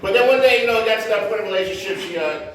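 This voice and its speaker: Middle-aged male stand-up, high for a man, brash and self-mocking, heard through heavy room echo. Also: rapid-fire, fairly bright tone, slight background noise. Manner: brash, self-mocking storytelling with street slang. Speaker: stand-up comedian. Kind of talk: stand-up comedy set. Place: comedy club stage. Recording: roomy echo from far off.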